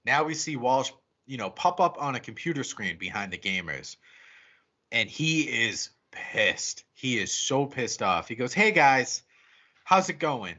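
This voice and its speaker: Man, bright edgy voice, muffled lo-fi sound, casual swearing movie recap. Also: mid-range voice, a little slow. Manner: profane, animated storyteller. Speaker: podcast co-host. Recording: muffled lo-fi audio.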